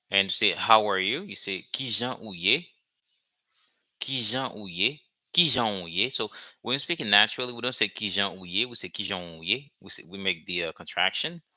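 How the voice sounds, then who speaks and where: A man teaching a language lesson, repeating phrases slowly and checking in with "okay?" after each point. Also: lowish voice, bright, forceful tone, dry recording. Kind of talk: slow explanatory lesson.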